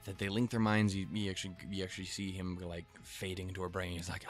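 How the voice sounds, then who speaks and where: A man's voice: sits low, level tone, quick pace, few pauses, soft background music. A man casually recapping an anime episode, rambling and swearing freely with chuckling asides. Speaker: anime reviewer.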